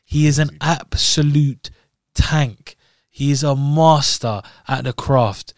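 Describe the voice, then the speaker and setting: A man's voice: mid-range voice, slow, no echo, clean studio sound. A man with a London accent, co-hosting a podcast and talking emphatically as a fan of a boxer. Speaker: podcast co-host. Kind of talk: casual chat.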